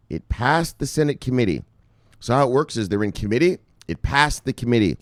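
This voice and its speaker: Excitable, profane Canadian man ranting. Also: on the low side, no echo, studio quality. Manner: excitable, profane, repeats himself, addresses viewers as brothers. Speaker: crypto news vlogger. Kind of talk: animated profane crypto commentary.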